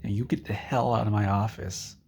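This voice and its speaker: A man putting on a short-tempered male company boss who barks orders and makes threats in a gravelly voice. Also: fairly low pitch, fairly even intonation, fairly quick, darkish tone. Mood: threatening. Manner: barking orders, gruff and threatening.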